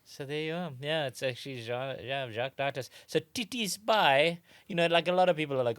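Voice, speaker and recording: A South African man co-hosting a comedy podcast, explaining trivia with dry, wry humour. His voice is bright and forward at an ordinary pitch. The recording is close with no room echo. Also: brisk, hardly any pauses, clear, resonant tone. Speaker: podcast co-host. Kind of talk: casual comedy chat.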